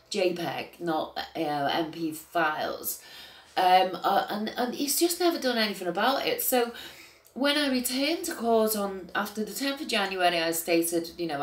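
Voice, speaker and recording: An older woman and grandmother, telling an agitated personal account that swings between quiet and loud outbursts, with swearing. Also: mid-range voice, echoey room. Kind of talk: emotional personal account to camera.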